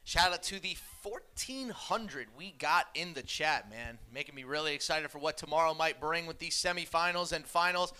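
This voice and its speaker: Bright, crisp esports play-by-play man. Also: on the high side. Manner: quick excitable calls, laughs often. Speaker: play-by-play commentator.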